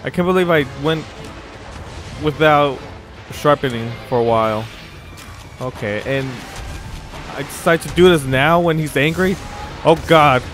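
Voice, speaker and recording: An excitable man talks through his own gameplay, his pitch jumping all over as he exclaims and laughs. His voice sits a little high and he talks slowly, with faint game music behind him. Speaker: gaming channel host. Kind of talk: live gameplay commentary.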